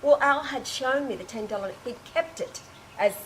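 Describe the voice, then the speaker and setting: A woman telling an emotional personal anecdote to a small group, animated and exclamatory, with frequent restarts and laughing or tearful breaks. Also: a little high, normal speed, a little hiss or hum, poor audio. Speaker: storyteller recounting an experience to a small group.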